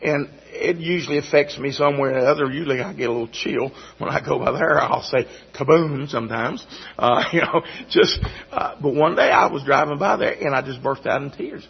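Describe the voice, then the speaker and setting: A man giving a sermon testimony in a halting, folksy way, often repeating his words. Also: mid-range voice, gravelly, slightly rough. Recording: dull lo-fi recording.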